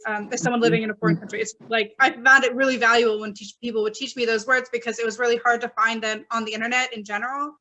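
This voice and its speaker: A woman's voice: fairly high pitch, little pitch movement, quick pace, few pauses, sharp tone, muffled recording. A woman taking part in a training workshop, sharing a thoughtful view in casual discussion. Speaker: workshop participant.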